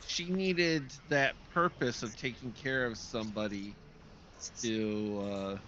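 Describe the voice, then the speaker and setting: A man chatting casually on a podcast, slow and hesitant with many fillers. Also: medium pitch, fairly even intonation, bright, forceful tone. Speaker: podcast co-host. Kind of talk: casual chat. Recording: lo-fi voice chat with faint noise.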